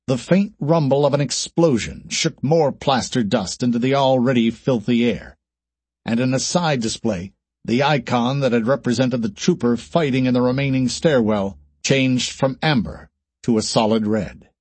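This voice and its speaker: A man narrates an action audiobook in a steady, measured voice of middle pitch. His tone is husky, and the recording is dry and close. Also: no echo. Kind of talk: scripted narration.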